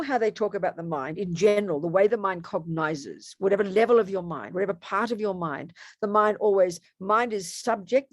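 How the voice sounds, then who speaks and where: A woman teaches Buddhist philosophy in a relaxed, talkative way, with playful asides and quick self-corrections. Her voice sits at a middle pitch. The sound is dry and close, with no room echo. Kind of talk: casual dharma teaching talk. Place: home room.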